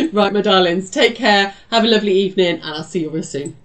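A middle-aged British woman hosting a live quilting tutorial, chatty and reassuring, calling viewers lovely and love. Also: mid-range voice. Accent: British English. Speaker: quilting shop host.

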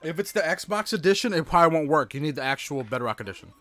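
A man in his thirties chatting casually on a live stream as he plays, reading and answering his chat aloud with quick exclamations at the game. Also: a little high, animated, a bit bright, soft background music. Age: 30s.

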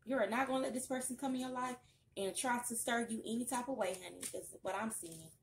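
A young woman talks her viewers through a tarot spread in a loose, sassy, chatty way, now and then breaking into loud excited bursts. Her voice sits a little high, and a faint hiss runs under the recording. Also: fast. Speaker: tarot reader. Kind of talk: casual tarot reading vlog.

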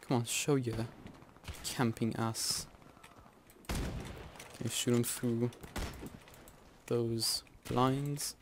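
A young man gives live commentary over his own gameplay, talking slowly and rambling between plays. He laughs and yells at the game at times. Faint noise sits behind his voice. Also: medium pitch, fairly even intonation. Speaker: gaming channel host.

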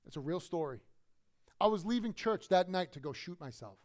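A middle-aged pastor preaching a sermon, telling a personal story with emotion, swinging from loud emphasis to hushed quiet. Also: male voice, a little high, big pitch swings, a little fast.

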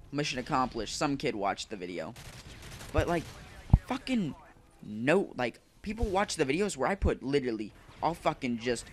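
A man's voice: medium pitch, slight background noise. A man doing casual gaming commentary, rambling and swearing as he vents his frustration. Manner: rambling, profane, frustrated ranting. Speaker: gaming YouTuber. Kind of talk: casual commentary over gameplay.

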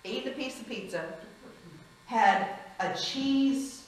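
A woman's voice: a little high, takes it slowly. Frank woman in an echoey hall. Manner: lively, frank, laughs often, acts out quotes. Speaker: conference speaker, former hospice chaplain. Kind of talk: storytelling conference talk. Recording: echoey hall, mic at a distance.

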